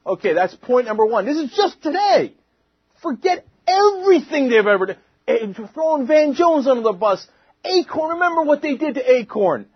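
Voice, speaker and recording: A man's voice: very high voice, big pitch swings, moderate pace, dry recording, muffled recording. A man hosting a political commentary show, delivering an indignant, mocking monologue.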